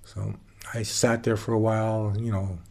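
A man being interviewed, telling stories from his years as a baseball pitcher in a relaxed, folksy way with some plain swearing. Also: moderate pace, gravelly. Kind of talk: casual storytelling interview.

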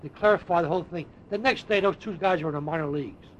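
An older man, a former ballplayer, telling animated anecdotes in an interview, with frequent restarts. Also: on the high side, quick pace. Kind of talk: storytelling interview. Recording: dull lo-fi tape with faint hiss.

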